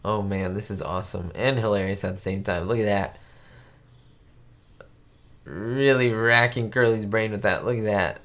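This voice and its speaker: A man's voice: fairly low pitch, steady tone, normal speed, pauses often, fairly bright tone. Giddy man hosting a live reaction stream. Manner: giddy, laughs often, exclamatory; chats directly to viewers. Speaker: channel host.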